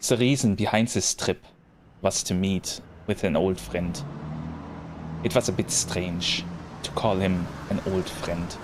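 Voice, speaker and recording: A man's voice: low voice, steady tone, slow. A man voicing a weary, overworked man in his late twenties, reading narration in a put-on heavy foreign accent, with noise in the background. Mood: weary, reflective. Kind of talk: reading visual novel narration.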